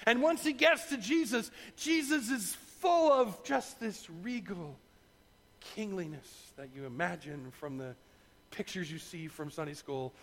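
A middle-aged man preaching a sermon, retelling a story in an animated way and acting out the voices. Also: fairly high pitch, long reverb tail. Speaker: pastor.

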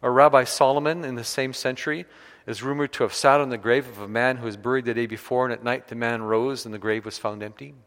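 A man's voice: mid-range voice, fairly even intonation, quick pace, a bit bright. A man preaching a sermon, retelling a scripture story with varied emphasis. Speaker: pastor. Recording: long hall reverb.

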